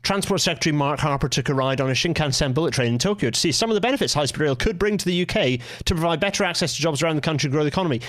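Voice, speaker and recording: A man hosting a casual live stream, rambling with quick asides and restarts. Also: a little high, animated, a bit bright, dry recording, studio quality. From Scotland. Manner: rambling, self-interrupting, quick asides with laughs. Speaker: livestream host.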